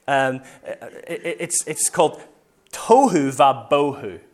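A man's voice: medium pitch, slow pace. A man preaching a sermon in a church meeting room, in a casual, conversational way, correcting himself as he goes. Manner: conversational, self-correcting, animated storytelling.

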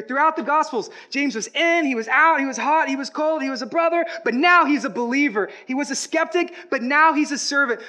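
A man preaching a sermon, swinging between hushed, slow passages and loud, rising declarations. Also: very high voice. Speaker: pastor.

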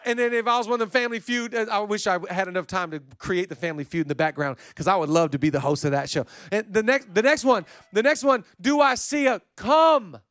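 A man preaching a sermon as pastor, swinging from soft, close passages to loud, emphatic calls. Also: high-pitched, quick pace, hardly any pauses, no room sound. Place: church stage.

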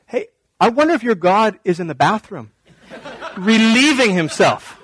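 A man's voice: high voice, big pitch swings, unhurried, fairly bright tone, full character voice, rough recording. A preacher acting out a bold male prophet who taunts his rivals with playful sarcasm. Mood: mocking.

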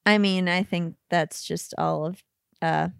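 A woman's voice: lowish voice, steady tone, measured pace, creaky, clear, resonant tone, no echo. Wry, dry-humored woman podcast co-host. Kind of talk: casual chat.

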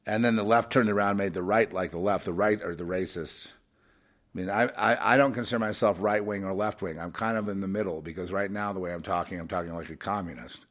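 A very low-voiced man rambles through an emotional monologue, restarting his sentences and padding them with fillers. He swings from raised, fired-up lines to low mutters. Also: steady tone, brisk, a bit bright.

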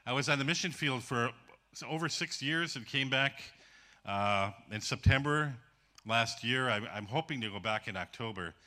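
A man missionary speaking to a congregation in a folksy, casual way. His voice is very bright and forceful, with a mid pitch. He talks plainly and warmly addresses the listeners. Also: lively intonation, normal speed. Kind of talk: sermon.

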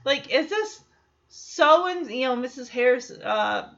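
A woman's voice: high voice, lively intonation, unhurried, gravelly, fairly bright tone. A young woman from Michigan chatting casually through an episode, laughing often and acting out the characters' lines. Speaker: show reaction vlogger. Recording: dull lo-fi recording.

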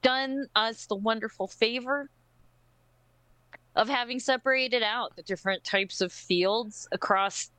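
A woman's voice: fairly high pitch, unhurried, sharp tone, no room sound, low-quality recording. A woman co-hosting a podcast, teasing her partner with playful, mock-grand remarks in casual chat. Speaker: podcast co-host.

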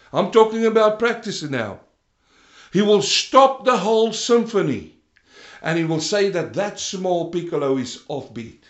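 A man delivers a sermon in a slightly high voice, swinging from loud, rising emphasis down to low, quiet stretches. The sound carries a roomy echo around him. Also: highs cut off. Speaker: preacher.

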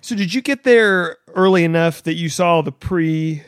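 A man's voice: fairly high pitch, moderate pace, clean tone, dry recording, studio quality. Teasing man asking questions. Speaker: podcast co-host. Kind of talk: casual chat.

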